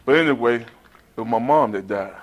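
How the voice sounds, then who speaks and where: A man's voice: mid-range voice, a little fast. A man from North Carolina telling his personal story at a recovery meeting in a conversational way, often calling the listeners "man.". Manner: conversational, addresses the room with "man".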